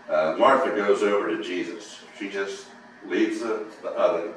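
A male pastor delivering a sermon as dramatic storytelling that swings between hushed and loud. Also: deep voice, a little slow, a little hiss or hum. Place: church sanctuary. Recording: echoey church from a distance.

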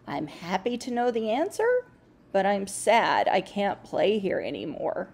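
A woman's voice: mid-range voice, sing-song, unhurried, creaky, a little mellow, breathy edge, heavily acted. A woman voicing a curious young boy who keeps sneezing, raising her voice and drawing out her words in a storybook reading. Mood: earnest.

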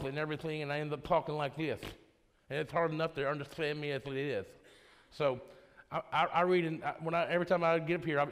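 Guy doing a casual bible study talk, kinda high voice, lots of restarts, big church echo. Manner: conversational, repeats and restarts often. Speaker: worship pastor leading Bible study. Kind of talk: informal Bible study sermon. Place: church sanctuary.

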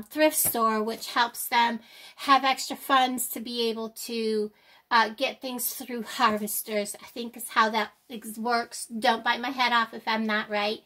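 An older woman vlogs in a casual chat to camera, her voice a little high with a sharp tone. She sounds out of breath and her speech is slightly off, rambling and apologetic, full of ums.

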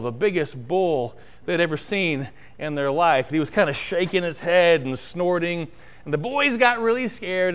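Male pastor, sermon storyteller, high and animated delivery, church sanctuary. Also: smooth. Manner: storytelling, rising and falling, ends in prayer.

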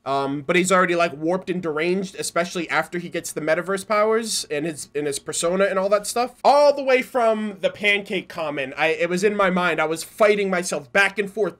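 A man reacting casually to a video game trailer, excitable, swearing freely and breaking into loud laughs and shouts. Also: high-pitched. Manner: swears freely, says dude and bro.

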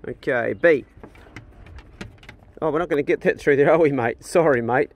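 A man's voice: fairly high pitch, fast talker, dull audio, slight background noise. A man, casually vlogging outdoors on his rural property and coaxing his dogs and ducks in a sing-song voice. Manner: easygoing, chatty, coaxing animals in a raised sing-song voice. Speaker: vlogger feeding his dogs and farm animals. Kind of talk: casual outdoor vlog, talking to animals. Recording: music playing behind the voice.

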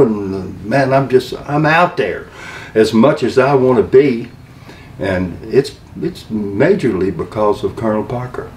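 With a medium-pitched Southern accent, an older man who once managed wrestlers recounts his career for an interviewer, folksy and animated, mimicking what people said. Faint hiss and echo come through the distant mic.

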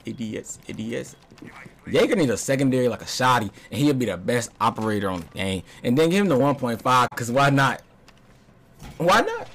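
A young man streaming a video game, commenting casually, swinging from low muttering to loud yelps. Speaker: gaming streamer.

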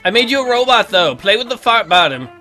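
A man hosting a let's play, giving casual, excitable commentary full of jokes and swearing. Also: sits high, fast, soft background music. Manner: excitable and jokey, swears freely.

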